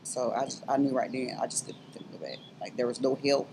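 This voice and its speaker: Earnest middle-aged woman, halting testimony. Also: extremely low pitch, a little mellow, slight background noise, low-quality recording. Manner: earnest, halting, rising to fervent urging. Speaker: interview guest, abuse survivor. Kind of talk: emotional personal testimony.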